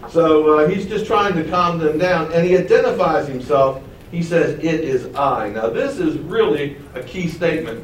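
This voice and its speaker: A man's voice: fairly high pitch, a little hiss or hum. A man preaching a Bible-teaching sermon in a conversational way, with chuckling asides as he reads scripture. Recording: roomy and distant, faint ambience.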